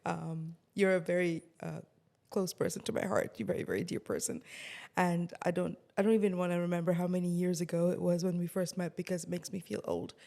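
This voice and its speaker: A woman's voice: lowish voice, flat delivery, fairly quick, gravelly, warm tone. A woman from Egypt in her thirties, a kids life coach and podcast guest who talks thoughtfully and laughs often. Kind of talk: podcast interview.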